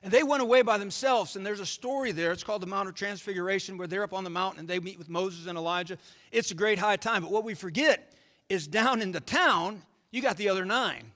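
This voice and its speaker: A man's voice: high voice, fast, pushed and bright, in a large hall. A man, a pastor preaching a sermon in a folksy storytelling manner with rhetorical questions. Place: church sanctuary.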